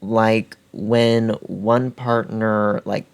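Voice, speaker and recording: A man's voice: lowish voice, little pitch movement, extremely slow, creaky, clear, resonant tone. A man recapping a book in a casual vlog, chatty and full of fillers, often laughing. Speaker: book reviewer.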